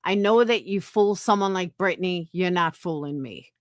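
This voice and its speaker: A woman's voice: lowish voice, normal speed, dry recording, studio quality. A woman hosting a livestream in heated casual chat, defensive and profane. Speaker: livestream host.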